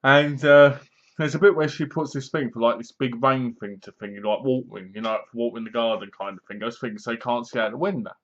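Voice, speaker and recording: A man casually recapping a horror film, animated, acting out the characters' lines and laughing at his own jokes. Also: mid-range voice, brisk, highs cut off. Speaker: movie reviewer.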